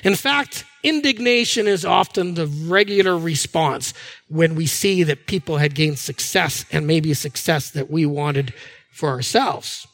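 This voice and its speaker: A man preaching a sermon, animated and conversational, acting out the voices of people he quotes. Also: fairly high pitch, unhurried. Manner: animated, acts out quoted voices, restarts words. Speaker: pastor. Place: church hall with a screen.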